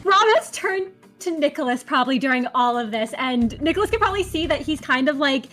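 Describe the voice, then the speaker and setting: A woman playing a tabletop game who describes her moves briskly. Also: sits high, lively intonation, fairly bright tone, faint music behind. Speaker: player. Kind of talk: casual tabletop play.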